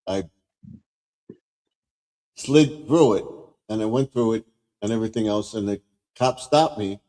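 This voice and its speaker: A man's voice: lowish voice, measured pace, mellow. A man chatting on a casual live stream, telling rambling anecdotes and often murmuring agreement. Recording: voice with long reverb.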